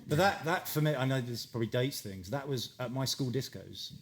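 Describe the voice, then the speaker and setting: Laughing host on a live stage. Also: male voice, medium pitch, expressive, brisk. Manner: enthusiastic, laughs easily, lots of filler words. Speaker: podcast host. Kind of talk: live on-stage interview chat. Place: stage before a live audience.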